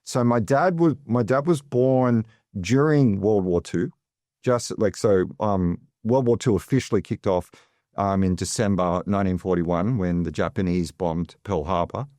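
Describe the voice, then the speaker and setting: A man's voice: lowish voice, measured pace, darkish tone, dry recording, studio quality. A man with an Australian accent telling his life story as an interview guest, chatty and digressive with lots of fillers. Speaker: guest, financial advisor.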